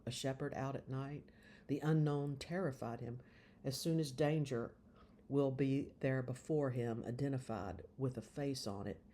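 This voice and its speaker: Man giving a measured audiobook reading. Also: mid-range voice, dark tone, slight background noise. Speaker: reader of a novel.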